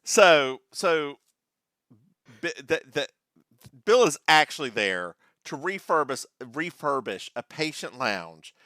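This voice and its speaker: Male co-host, slightly high and bright, sarcastic and playful, dry close sound. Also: very animated, takes it slowly, dry recording. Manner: playful and sarcastic, with sudden jokey outbursts. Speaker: podcast co-host. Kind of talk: casual chat recapping a TV episode.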